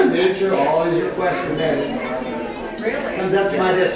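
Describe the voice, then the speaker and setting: A man guiding a group through a hotel, telling lively anecdotes and acting out the voices of people in them. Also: high voice, measured pace, pauses often. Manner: animated storyteller acting out quoted voices. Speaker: tour guide. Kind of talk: storytelling hotel tour. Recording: echoey hall from far off, crowd noise.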